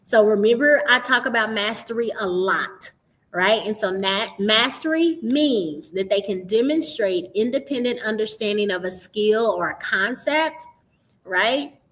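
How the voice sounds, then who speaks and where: A woman's voice: medium pitch, unhurried, a bit bright, poor audio. Woman explaining reading skills to parents. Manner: explanatory, checks in with frequent "right?" and "okay?". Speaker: literacy educator and podcast host. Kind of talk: instructional talk to parents.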